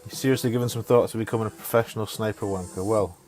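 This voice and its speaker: Male streamer, middle-aged, lower voice, casual and sweary; light music underneath. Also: steady tone, rapid-fire, darkish tone. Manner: chatty, swears, mutters to himself. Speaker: game streamer. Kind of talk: casual chat over live gameplay. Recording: faint music behind.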